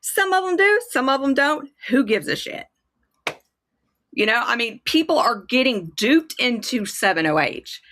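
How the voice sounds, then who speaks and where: A kratom advocate is livestreaming, venting in an angry, profane rant during casual chat. Her voice is a little high and sing-song, fairly bright in tone, and she speaks at a moderate pace.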